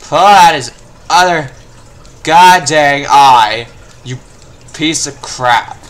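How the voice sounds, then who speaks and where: Speaking slowly in a slightly high voice, a young man hosts a let's play, commenting on his own gameplay. Frustrated, he mutters to himself and then erupts into yelling outbursts.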